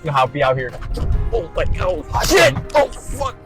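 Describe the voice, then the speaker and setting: A young man vlogging outdoors in pouring rain, loud, profane and excitable. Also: fairly high pitch, normal speed, soft background music, low-quality recording. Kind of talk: rowdy hype vlogging.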